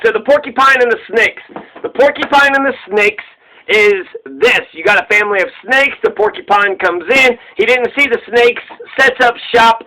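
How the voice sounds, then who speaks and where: Guy with a high bright voice rambling through a fable, swears a lot, laughs at his own jokes, sounds like it's on the radio. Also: poor audio. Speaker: storyteller retelling fables. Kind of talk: casual profane retelling.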